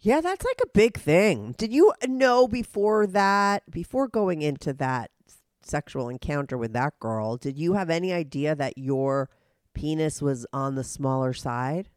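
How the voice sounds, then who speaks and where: A woman's voice: deep voice, expressive, unhurried, darkish tone, dry recording, clean studio sound. A woman hosting a podcast, talking bluntly and casually with a nasal voice from a cold. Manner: blunt, profane, chatty. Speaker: podcast host. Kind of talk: casual frank interview.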